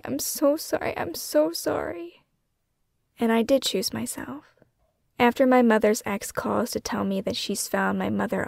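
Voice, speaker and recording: A woman author reading her own memoir as scripted first-person narration, hushed and often falling into a breathy whisper. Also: medium pitch, no echo, clean studio sound. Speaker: author and podcast host.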